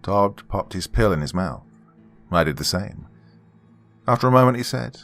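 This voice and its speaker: A man tells a scripted horror story in a very deep voice that still rises and falls a great deal. His delivery is measured and hushed. Faint music plays underneath. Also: animated.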